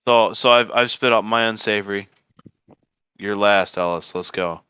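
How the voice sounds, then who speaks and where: A man co-hosting a casual podcast, telling a long joke in an animated way with stammered restarts. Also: lowish voice, normal speed, clear, resonant tone, no echo. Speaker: podcast co-host. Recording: dull lo-fi dry podcast audio.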